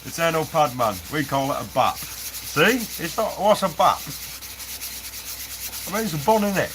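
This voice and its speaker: A man's voice: fairly high pitch, very animated, moderate pace. Chatty man in a noisy workshop. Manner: chatty, laughs often, reads chat aloud. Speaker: prop maker streaming live. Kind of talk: casual live-stream chat. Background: sanding and 3D printer noise.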